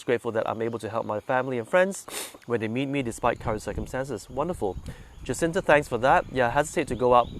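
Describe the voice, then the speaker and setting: A man leading a meditation group, talking gently and conversationally and putting questions to his listeners, a little congested from sinus trouble. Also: medium pitch, slight background noise. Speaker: meditation guide. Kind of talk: relaxed talk to a meditation group.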